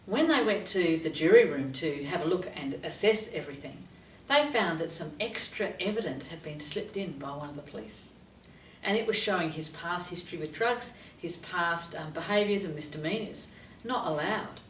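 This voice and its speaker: A woman working as a life coach, telling a story to camera in a lively, expressive way. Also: fairly low pitch, normal speed, a little hiss or hum. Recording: roomy echo, voice from a distance.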